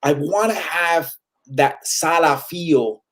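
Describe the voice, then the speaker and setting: Speaking slowly in a slightly high, fairly bright voice, a Puerto Rican-accented comedian in his forties chats casually as a guest, code-switching between English and Spanish with frequent fillers.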